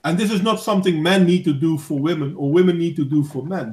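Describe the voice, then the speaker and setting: A man in his thirties hosting a casual debate, talking in an earnest, measured way with frequent restarts. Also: a little high, darkish tone. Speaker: host of a voice chat discussion. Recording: echoey room.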